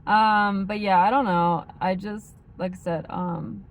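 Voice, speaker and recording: A woman with a faint Midwestern accent chatting casually as a vlogger, rambling and filling every pause with "like" and "um". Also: medium pitch, fairly even intonation. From United States. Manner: rambling, heavy use of like and um. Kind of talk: casual chat.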